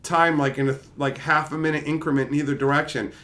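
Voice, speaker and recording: A man's voice: a little high, flat delivery, fast talker, a bit bright, natural voice. A man voicing an earnest male researcher explaining matter-of-factly.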